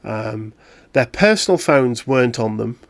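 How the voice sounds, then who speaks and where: A man voicing a composed female field agent who gives a flat, halting report. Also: mid-range voice, gravelly, dry recording. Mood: flat debrief. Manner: matter-of-fact, halting report.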